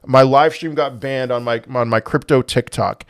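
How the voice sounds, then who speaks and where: A young man hosting a casual livestream, reading chat aloud and answering with dry sarcasm and halting restarts. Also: mid-range voice, steady tone, clear, resonant tone, no room sound. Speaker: livestream host.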